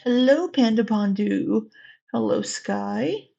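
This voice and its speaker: A woman's voice: a little high, lively intonation, takes it slowly, vocal fry, mellow, muffled recording. A woman with a Southwest Missouri accent, hosting a casual livestream and greeting chat viewers by name in a chatty, candid way. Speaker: livestream host.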